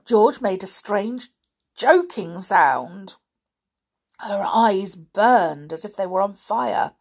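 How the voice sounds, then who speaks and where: A woman reading a children's storybook aloud in an expressive, lively narrating way. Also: mid-range voice, slow, husky.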